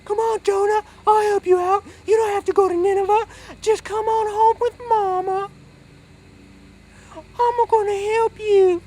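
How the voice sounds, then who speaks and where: A man voicing a whiny, overprotective mother in a high, sobbing falsetto. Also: level tone, unhurried, a little mellow, slight background noise. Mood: coaxing. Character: whiny overprotective mother, middle-aged woman.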